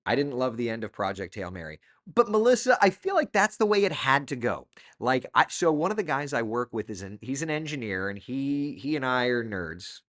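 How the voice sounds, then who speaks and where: A man's voice: medium pitch, very animated, brisk, hardly any pauses, fairly bright tone. A middle-aged man hosting a casual live chat, reading out viewer comments and talking loosely about books. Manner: chatty, reads viewer comments aloud. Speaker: host.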